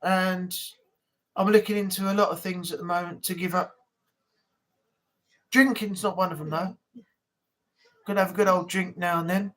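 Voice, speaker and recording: A man with a British accent hosting a relaxed live stream chat, rambling casually and now and then playing with silly accents. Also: high-pitched, normal speed, long pauses. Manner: chatty, rambling, playfully tries silly accents.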